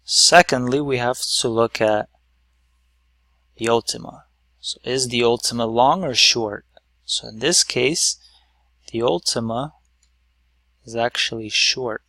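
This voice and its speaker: A man's voice: medium pitch, slow, long pauses, pushed and bright, dry recording. A man teaching a lesson at a whiteboard, explaining patiently step by step with some fillers.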